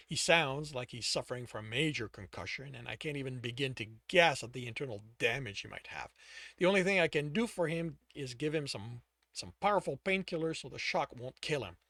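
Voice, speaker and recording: Man voicing a blunt, clinical woman healer; raised pitch, brisk. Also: fairly bright tone, no room sound, studio quality. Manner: brisk, matter-of-fact.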